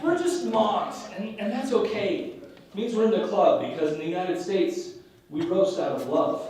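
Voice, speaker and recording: Male stand-up, lively swings in pitch, roomy distant live sound. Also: moderate pace, noisy background. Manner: animated, dips into mock voices for characters. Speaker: stand-up comedian. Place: live venue with audience. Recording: echoey room, picked up from a distance.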